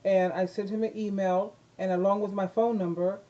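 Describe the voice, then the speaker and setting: A woman's voice: mid-range voice, little pitch movement, normal speed, mellow, muffled recording. A middle-aged woman vlogging casual life advice to her viewers, rambling and repeating herself with effusive praise. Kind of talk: casual talk to camera.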